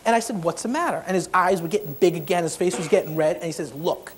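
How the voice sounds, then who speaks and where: A man's voice: high-pitched, racing, slightly rough. A man giving a humorous keynote talk as a motivational speaker, acting out the people in his story.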